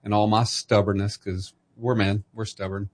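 A middle-aged man hosting a podcast talks about faith and family in a measured, reflective way. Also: fairly low pitch, little pitch movement. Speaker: podcast host. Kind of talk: casual conversation about faith.

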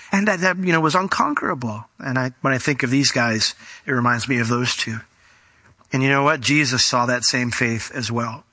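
A man's voice: mid-range voice, pushed and bright, no room sound. A man preaching a conversational Bible teaching, folksy in his delivery and fond of acting out the people in the story. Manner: folksy, acts out quoted voices.

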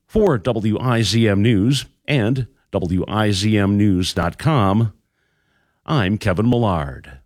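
A man reading a radio news bulletin in a measured, even delivery from a studio. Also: on the low side, dry recording. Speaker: news anchor. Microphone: studio microphone.

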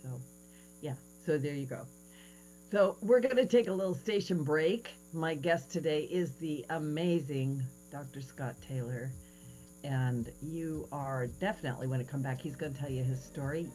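A woman in her sixties hosts a radio interview, her voice low. She tells stories with animated quoted voices. A faint hiss sits under the recording. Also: moderate pace, poor audio. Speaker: radio show host. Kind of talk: casual interview chat.

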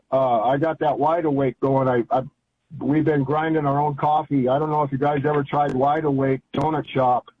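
A man's voice: fairly high pitch, a little hiss or hum. An older man calling in to a radio show, chatting in a rambling, folksy, enthusiastic way. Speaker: caller. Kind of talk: casual call-in chat. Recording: tinny phone line.

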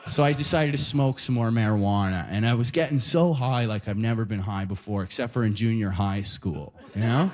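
A man performing a stand-up set on stage, telling stories in an animated way, putting on lots of voices and ending lines with "right?". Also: lowish voice, a little fast, hardly any pauses, slight background noise. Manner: animated storytelling with many voices and frequent "right?" tags. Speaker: stand-up comedian.

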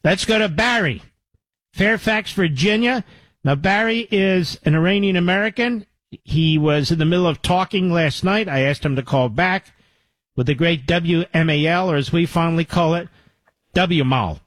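A man hosting talk radio, speaking right into a studio mic with a dry, close sound. He talks in an emphatic, conversational way and leans on repeated points. His voice sits a little above the usual pitch for a man. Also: normal speed, a bit bright, no room sound. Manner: emphatic, repeats phone number, conversational asides. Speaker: radio talk show host. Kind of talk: talk radio, live ad read and caller segment. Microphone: studio microphone.

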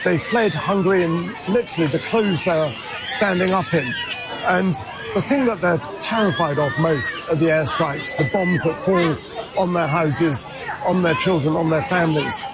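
A man delivering a measured, grave field report from a refugee camp outdoors. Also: a little high. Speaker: correspondent. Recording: crowd and street noise around.

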